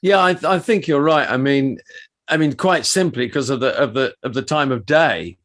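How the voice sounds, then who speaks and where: A man's voice: mid-range voice, normal speed, fairly bright tone. A middle-aged man co-hosting a podcast, telling anecdotes in a casual, rambling way with many restarts. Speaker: podcast co-host and performer.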